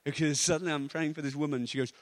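A man preaching, telling stories in a lively, anecdotal way and chuckling often. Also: a little high, quick pace. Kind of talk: storytelling sermon.

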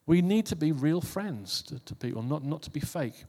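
Warm in tone and a little high, a man preaches casually to his congregation at a moderate pace with lively intonation. He talks conversationally, repeating and restarting phrases, and the recording carries a long hall reverb.

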